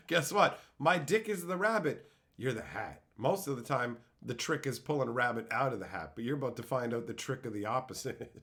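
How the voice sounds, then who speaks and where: A young man live-streaming, answering his chat with profane, mocking rants. His pitch sits in a plain middle range, and he keeps breaking into laughter at his own crude jokes. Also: lively intonation, moderate pace, a bit bright.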